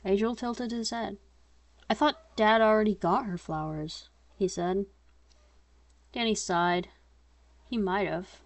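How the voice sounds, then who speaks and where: A young woman reads her own story aloud in a loose, unpolished way, doing the characters' lines in her own natural voice. Her pitch sits in the middle range, and the recording is close and dry with almost no room sound. She stops now and then to comment on her own reading. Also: fairly even intonation, slow pace, pauses often, dry recording. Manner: reads narration and dialogue in her own voice, breaks off to comment and laugh at herself. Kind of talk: casual unedited story reading.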